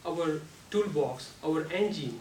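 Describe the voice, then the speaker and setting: A club speaker with a fairly high voice and lively intonation gives a prepared speech at an unhurried, measured pace, heard from far across an echoey meeting room. His grammar is non-native, and he interrupts himself to show off pitch and volume with sudden bursts. Faint hiss runs beneath the recording.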